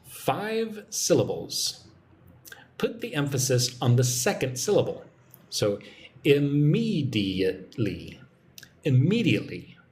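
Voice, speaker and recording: A man giving a live-streamed English lesson, relaxed and chatty as he reads out viewer comments. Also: medium pitch, a little slow, a little hiss or hum. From United States. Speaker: English teacher.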